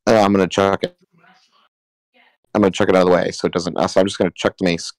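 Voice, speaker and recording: Man, tabletop player, low pitch, dry sound; halting, planning aloud. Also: flat delivery, dry recording, poor audio. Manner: hesitant, many restarts. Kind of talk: casual tabletop play chat.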